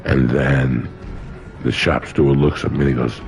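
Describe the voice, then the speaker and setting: A man's voice: very deep voice, little pitch movement, normal speed, gravelly, a little mellow, soft background music. A man in his sixties, a podcast guest telling a story in casual chat, blunt and profane.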